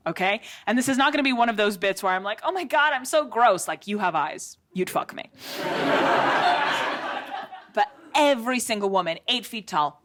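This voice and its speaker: A woman's voice: mid-range voice, slight background noise. A woman from Russia performing a sarcastic stand-up set on a theatre stage, acting out quotes as she goes. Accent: American-learned English. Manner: lively, sarcastic, acts out quotes. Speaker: stand-up comedian. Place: theatre stage before a laughing audience. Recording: audience laughter clearly audible.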